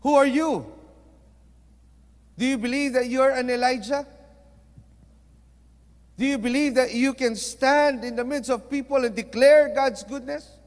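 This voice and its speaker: High-voiced Filipino preacher in a reverberant hall. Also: male voice, unhurried, pauses often. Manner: mixes Tagalog into English preaching; swings between hushed and emphatic delivery. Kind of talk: sermon.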